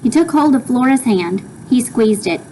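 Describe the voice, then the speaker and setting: A woman reading a children's book aloud with expressive storytelling. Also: fairly high pitch, normal speed, slight background noise, rough recording. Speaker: reader.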